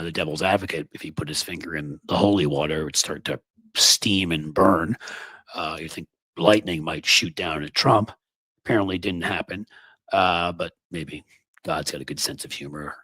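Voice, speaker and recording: Sarcastic husky man in his fifties. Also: low-pitched, fairly bright tone, dry recording. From New York City. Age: 50s. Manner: sarcastic, mocking, rambling. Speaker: political commentator host. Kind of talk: political commentary monologue. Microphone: studio microphone.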